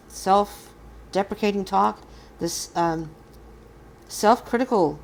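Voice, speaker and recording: A woman's voice: medium pitch, creaky, slight background noise. A woman hosting a casual collective tarot reading, speaking earnestly and encouragingly to her viewers. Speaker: tarot reader.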